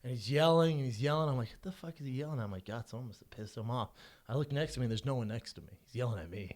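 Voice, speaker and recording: Profane, animated man telling stories. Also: medium pitch, racing. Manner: animated storyteller, acts out quotes, swears a lot. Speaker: podcast co-host. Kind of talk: casual storytelling chat.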